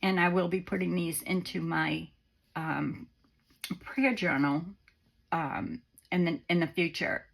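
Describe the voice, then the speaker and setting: A woman hosting a crafting vlog, talking gently and sentimentally to her viewers while unwell on antibiotics. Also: lowish voice, fairly even intonation, slow pace, creaky, pauses often. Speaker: crafting channel host. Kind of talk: casual vlog chat to viewers.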